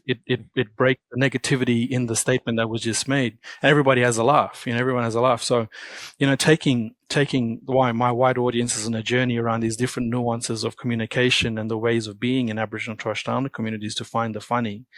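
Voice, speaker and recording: A man's voice: medium pitch, dry recording. A man with an Australian accent, a comedian chatting in an interview, telling stories and acting out the greetings he quotes. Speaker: comedian guest. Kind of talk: casual interview chat.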